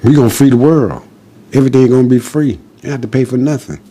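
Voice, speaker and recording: Male podcast guest, husky mellow tone, defiant preaching delivery in short punchy lines. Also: medium pitch, quick pace. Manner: defiant, preachy, repetitive declarations. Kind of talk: impassioned spoken monologue.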